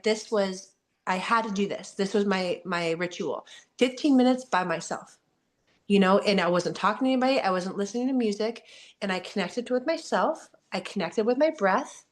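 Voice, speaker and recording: A woman in her forties, a guest athlete, answering questions in an earnest, candid motivational talk. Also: medium pitch. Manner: earnest, warm-hearted, frequent "you know" and "like".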